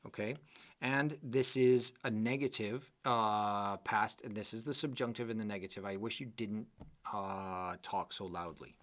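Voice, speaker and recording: A man's voice: fairly low pitch, a little slow, fairly bright tone. Male English exam teacher, live online class, patient explainer, keeps checking in with students. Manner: explains patiently, often checks with "okay?" and "right?".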